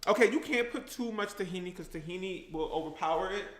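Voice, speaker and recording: A playful man with a high, bright voice and chats loosely while he cooks. He talks to his viewers in a chatty, joking way. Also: quick pace, a little hiss or hum. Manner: chatty, playful, breaks into singing and rapping. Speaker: cooking vlogger. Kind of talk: casual chat while cooking.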